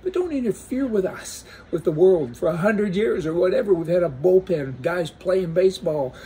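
A man's voice: sits high, animated, normal speed, mellow, slight background noise. A man giving a casual opinion monologue on the news, folksy and sarcastic, with joking asides. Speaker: political commentator.

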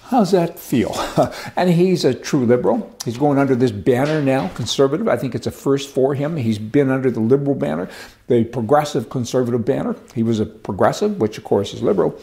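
A man's voice: mid-range voice, animated, a little fast, creaky, dark tone. A man from Canada giving casual political commentary, with sardonic, joking asides.

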